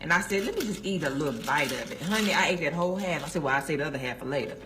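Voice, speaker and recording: Inside a car with a noisy background, a woman with a deep, animated voice rattles off rapid-fire, preacher-like praise for a sandwich, talking through mouthfuls. She's a food vlogger shooting a casual selfie video review.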